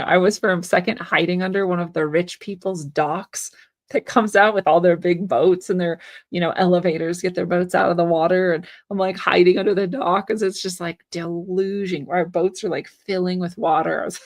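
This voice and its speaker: A woman's voice: on the low side, steady tone, a little fast. A woman from the Pacific Northwest hosting a tarot channel, talking in a chatty, rambling way with frequent laughs and fillers before reading the cards. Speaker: tarot reader and channel host. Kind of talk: casual monologue, tarot reading.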